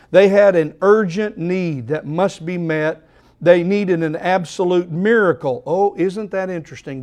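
Man, pastor, sermon, high voice, expressive, restarts mid-thought. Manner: expressive preaching, dropping to soft repeated phrases.

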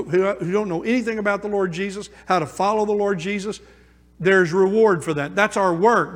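A man preaching a sermon as pastor, moving between hushed asides and emphatic calls. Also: high voice. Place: church sanctuary. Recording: long church reverb.

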